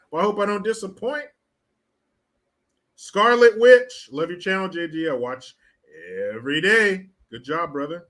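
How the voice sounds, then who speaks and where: A man's voice: on the high side, pushed and bright. A man hosting a live stream, mocking and profane in casual commentary as he reads out viewer chat.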